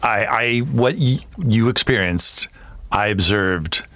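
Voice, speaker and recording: A man co-hosting a podcast, reacting and chiming in with a drawn-out, casual delivery. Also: on the low side, a bit bright, no echo. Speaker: podcast co-host, comedy writer.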